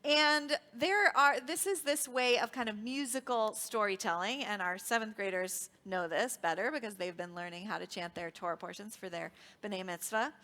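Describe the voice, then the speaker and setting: A woman's voice: medium pitch, moderate pace, few pauses, bright, forceful tone. A woman leading a children's worship service, cheerfully quizzing the children and teaching them as she goes. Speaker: song leader teaching children. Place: synagogue sanctuary.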